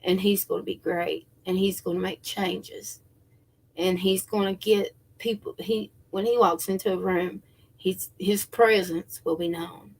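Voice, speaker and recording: A middle-aged woman with a drawl talks slowly into her phone, full of fillers and false starts. Her voice carries a gravelly creak throughout. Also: on the low side, steady tone. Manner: rambling, many fillers and restarts, addresses viewers as y'all. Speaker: spiritual livestream host. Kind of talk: casual chat to viewers.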